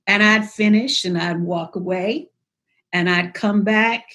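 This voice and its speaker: A woman's voice: medium pitch, fairly even intonation, measured pace, fairly bright tone. A woman poet as an interview guest, talking reflectively and telling stories about her writing, acting out her inner voice as she goes. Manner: storytelling, acts out her inner voice in quotes.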